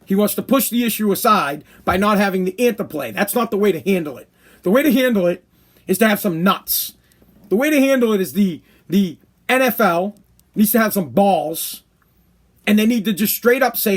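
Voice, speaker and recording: A man's voice: high-pitched, lively intonation, moderate pace. A man hosting his own podcast, ranting bluntly in a casual monologue and swearing often. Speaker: podcast host.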